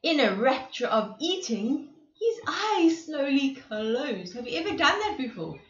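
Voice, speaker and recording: A woman preschool presenter reading a rhyming picture book to young children, animated and often asking them questions. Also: high voice, a little slow. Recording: echoey room, slightly dull sound.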